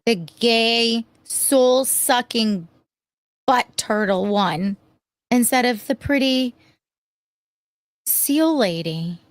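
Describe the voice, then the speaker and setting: A woman's voice: on the high side, drawn-out words, long pauses, dry recording. A woman co-hosting a podcast in casual banter, playful and bawdy, often laughing. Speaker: podcast co-host.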